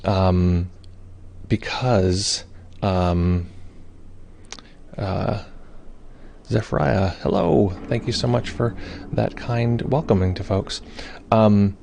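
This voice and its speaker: A man's voice: on the low side, slow pace, gravelly, long pauses, dark tone, a little hiss or hum. A man hosting a meditation live stream, chatting casually, greeting viewers and reading their comments aloud, with many fillers. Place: home or studio in Brooklyn.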